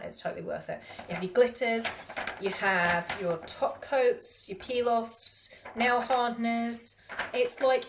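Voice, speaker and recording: Girl chatting about her shopping haul, lots of fillers, roomy sound. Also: medium pitch. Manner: chatty, self-mocking, rambling with many fillers. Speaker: beauty vlogger. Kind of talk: casual haul chat to camera. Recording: echoey room with faint noise.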